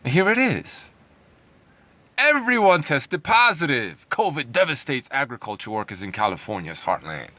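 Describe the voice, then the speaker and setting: A man's voice: medium pitch, big pitch swings, moderate pace, pushed and bright, no echo. A man ranting in a sarcastic, heated way, reading out news lines and mocking them with scornful laughs. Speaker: commentary vlogger.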